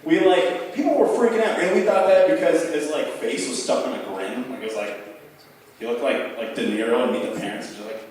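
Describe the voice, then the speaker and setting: With slight background noise and the distant echo of a bar room, a young stand-up comic at an open mic works through a rambling, profane story full of fillers. He speaks a little fast in a medium-pitched, slightly mellow voice.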